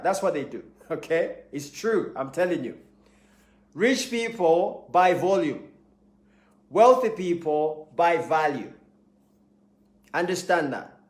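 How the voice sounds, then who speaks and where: A man giving a motivational talk, emphatic, repeating key points and acting out little scenes. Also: fairly high pitch. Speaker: motivational speaker. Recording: echoey room.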